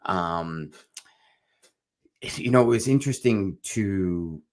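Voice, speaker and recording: A man's voice: deep voice, lively intonation, takes it slowly. A man co-hosting a podcast, talking in a loose, rambling way and calling his co-host "brother". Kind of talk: casual podcast chat.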